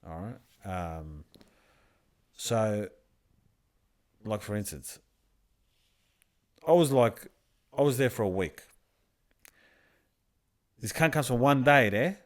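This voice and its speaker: A man's voice: fairly low pitch, expressive, slow pace, long pauses. A young man on a podcast, animatedly retelling a work story in casual, crude slang. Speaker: podcast co-host. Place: backyard.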